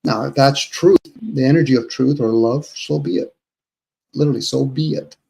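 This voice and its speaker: A man's voice: mid-range voice, normal speed, vocal fry, mellow, poor audio. A man who is a guest on a live online panel, talking in a rambling, reflective way full of rhetorical questions. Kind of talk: casual live panel chat.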